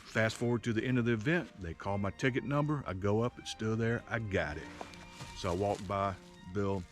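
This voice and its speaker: A man with a low voice talks casually in a show-and-tell vlog, showing off his gear. He rambles and jokes with playful asides. Music plays clearly behind him. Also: brisk. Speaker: slingshot reviewer. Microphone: action camera.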